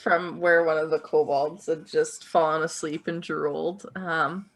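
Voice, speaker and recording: A woman playing a tabletop game, slowly and softly describing her character's actions. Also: sits low, flat delivery. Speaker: player. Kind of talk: casual tabletop role-play.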